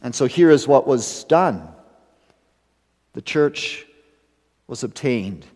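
A man delivers a sermon at a slow, deliberate pace. His voice climbs for emphasis, then sinks to hushed, low endings. It carries a long reverb through a church sanctuary. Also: animated. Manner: measured preaching that swells to emphasis and drops to hushed low endings. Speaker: pastor.

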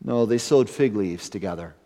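A man preaching an evening sermon in a measured way, rising to emphatic stresses and dropping to hushed low endings. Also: in a large hall. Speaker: pastor.

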